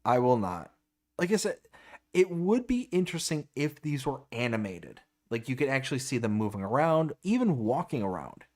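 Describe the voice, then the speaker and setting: A man's voice: mid-range voice, very animated, brisk. A man co-hosting a casual live stream, stammering and exasperated as he reacts and reads chat comments aloud. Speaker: livestream co-host.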